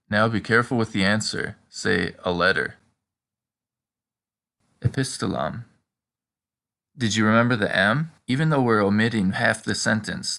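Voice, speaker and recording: A man teaching a scripted language lesson, prompting the listener with questions and slowing down for the example sentences. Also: on the low side, creaky, bright, forceful tone.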